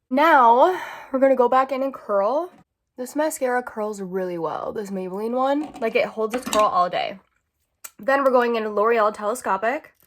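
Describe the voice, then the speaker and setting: A woman in her twenties, a beauty vlogger chatting casually as she does her makeup and tells a story, saying "like" a lot. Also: a little high. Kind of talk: casual chat.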